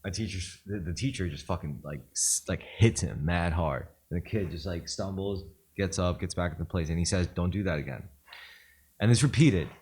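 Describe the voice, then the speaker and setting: Low-voiced male podcast co-host, contrarian and crude, telling stories. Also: fairly quick, hardly any pauses, a little mellow, slightly rough. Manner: provocative, argumentative storyteller. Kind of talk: casual podcast chat.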